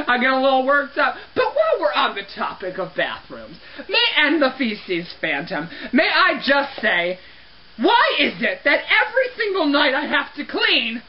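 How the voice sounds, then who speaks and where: A young woman with a high voice that jumps all over the place, ranting to camera about her cleaning job. She sounds exasperated and keeps apologizing for getting worked up. The audio is dull and lo-fi. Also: sing-song, normal speed. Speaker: restroom cleaner. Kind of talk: comedic rant to camera.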